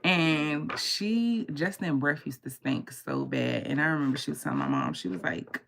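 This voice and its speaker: A woman's voice: deep voice, moderate pace, gravelly, slight background noise. A woman livestreaming from home at night, telling a story casually with lots of swearing and laughter, keeping her voice down so she does not wake anyone. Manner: animated, profane, laughing as she tells it; holding her voice down so as not to shout. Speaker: tarot reader and livestream host. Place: home at night with others asleep.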